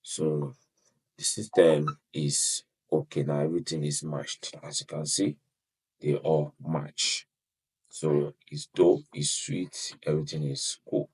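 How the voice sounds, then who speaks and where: A man's voice: very deep voice, slow, a little mellow, breathy edge. A man hosting a web design tutorial, talking casually as he clicks through settings, starting most phrases with "so" and apologizing often. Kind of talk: casual screen-share walkthrough.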